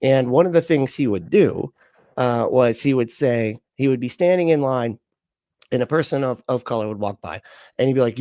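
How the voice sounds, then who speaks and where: A man's voice: mid-range voice, expressive, moderate pace, mellow, dry recording, studio quality. A man in casual livestream chat, rambling and profane, packed with "like" and "you know". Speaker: livestream co-host.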